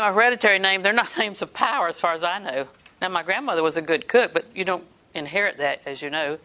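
Older woman preaching, bright folksy voice. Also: lowish voice. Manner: folksy storytelling, laughs often. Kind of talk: sermon with personal stories.

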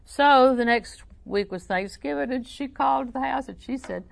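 A woman preaching a folksy sermon. She tells personal stories in a humorous, conversational way and switches between soft asides and loud, emphatic preaching. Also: sits high, normal speed, creaky, hardly any pauses.

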